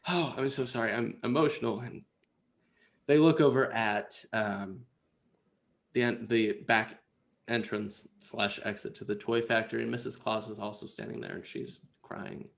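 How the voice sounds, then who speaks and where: A man narrating a tabletop game as game master, halting and relaxed, with frequent fillers. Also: fairly low pitch, creaky.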